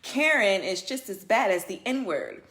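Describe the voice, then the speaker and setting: A woman working as a flight attendant, telling a story in a casual livestream with emphatic, animated delivery and frequent laughter. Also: medium pitch, measured pace.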